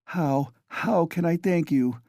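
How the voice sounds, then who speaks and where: A man's voice: on the high side, slow, vocal fry, warm tone, no echo, clean studio sound, pitched above the performer's own voice. A man voicing an anxious, timid middle-aged mother who pleads and frets. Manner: pleading, fretful.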